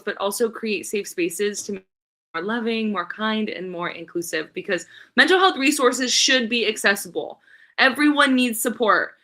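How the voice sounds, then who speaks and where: A woman guest on a podcast talking in a casual, upbeat and eager way, rattling off her contact details quickly. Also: medium pitch, bright, forceful tone. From Southern California. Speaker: podcast guest, nonprofit founder. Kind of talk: casual interview chat.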